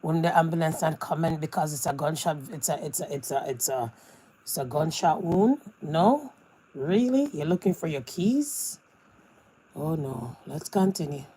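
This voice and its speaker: A woman's voice: low-pitched, expressive, moderate pace, warm tone, a little hiss or hum. A woman commenting on a clip with incredulous, questioning asides. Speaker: reaction commentator. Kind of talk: reaction commentary.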